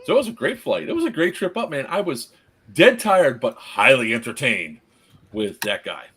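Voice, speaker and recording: A man's voice: medium pitch, very animated, normal speed, sharp tone, slightly rough. A man telling a story in casual chat, acting out the quotes and laughing often. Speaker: podcast host telling a story.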